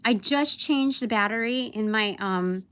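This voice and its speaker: A woman's voice: a little high, a little slow, fairly bright tone, smooth. A young woman telling a work story on a casual livestream, rambling with many fillers and acting out her boss's lines. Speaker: vlogger.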